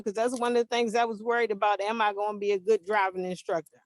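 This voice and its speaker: A mother telling an animated, emphatic story in an interview, acting out the dialogue. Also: mid-range voice, fast, no echo. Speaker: interview guest, parent.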